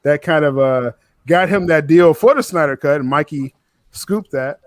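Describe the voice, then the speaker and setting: Male panel guest, hesitant casual chat, higher pitch, dry sound. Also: normal speed, no echo. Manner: hesitant, filler-heavy.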